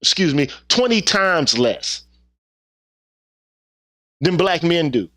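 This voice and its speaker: A man's voice: fairly high pitch, big pitch swings, slow, bright, forceful tone. A man hosting his own channel, delivering a heated opinion monologue with profanity and repeated rhetorical questions. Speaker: channel host.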